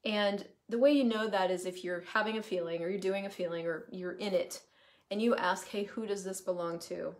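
A woman talks straight to her live viewers in a loose, animated way. She throws in swear words and wanders into asides, and her pitch sits in the middle of her range. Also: a little fast. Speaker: host, coaching facilitator. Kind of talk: casual live-stream monologue.

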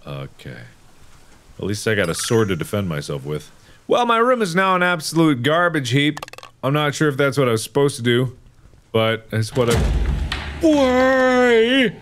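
A young adult man giving let's-play commentary, reacting to a horror game with excitable, exclamatory outbursts. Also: medium pitch, normal speed, a little hiss or hum. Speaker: gaming video host.

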